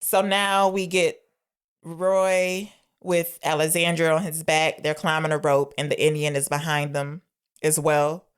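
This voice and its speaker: Low-voiced woman recapping a film. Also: measured pace, clean tone. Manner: retells scenes, quoting lines in animated voices, laughs often. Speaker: podcast co-host. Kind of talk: casual film review chat.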